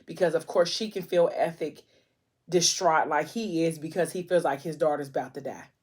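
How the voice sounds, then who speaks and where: A woman's voice: low-pitched, normal speed, a little mellow, slight background noise. A woman vlogger retelling a novel's plot in a casual, emotional way, with lots of fillers. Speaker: book vlogger. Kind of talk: casual book recap while eating.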